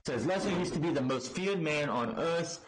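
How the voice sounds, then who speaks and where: A man's voice: on the high side, animated, moderate pace, noisy background. Sarcastic man recapping wrestling. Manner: profane, sarcastic, exasperated. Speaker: wrestling show reviewer. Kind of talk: casual recap commentary.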